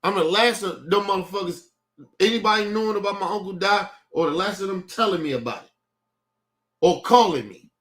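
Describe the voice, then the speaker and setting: A young man holds forth on his stream in a heated, profane rant. He circles back and repeats his points, and his voice sits a little higher than most men's. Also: fairly quick, a bit bright. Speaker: streaming show host. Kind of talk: casual rant to a stream audience.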